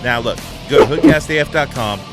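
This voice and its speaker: A man's voice: mid-range voice, fairly quick, over loud music. A man hosting a podcast in a casual, crude and joking way. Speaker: podcast host. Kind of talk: casual chat.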